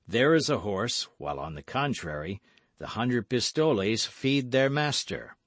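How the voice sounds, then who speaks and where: A man voicing a weary, measured older musketeer patiently persuading a friend in an audiobook. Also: mid-range voice, animated, fairly bright tone, dry recording. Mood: persuasive.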